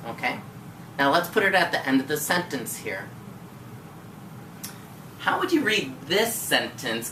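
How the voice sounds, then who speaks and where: Brief: low-pitched, bright-voiced woman teacher, patient and encouraging, recorded from across an echoey room. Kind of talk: one-on-one tutoring lesson. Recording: echoey room from far off, faint noise.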